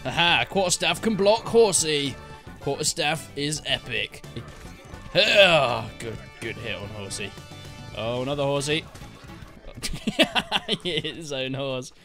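Male gamer, young, animated and jokey, pitch darting up, light music under. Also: unhurried. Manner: excitable, jokey, yelps and laughs at the action. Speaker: gaming YouTuber. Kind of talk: live gameplay commentary.

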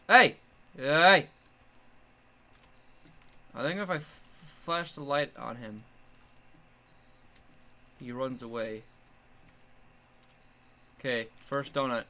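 A young man giving jumpy commentary while playing a horror game, yelling at the monster chasing him. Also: mid-range voice, slow, pauses often, a little hiss or hum. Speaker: gamer.

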